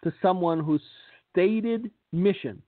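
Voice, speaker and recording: A man with a high voice speaks slowly, hosting radio commentary that is sarcastic and blunt. Starting a thought, he often says words twice. He works as a radio host and preacher, and the dry recording has a tinny, telephone quality.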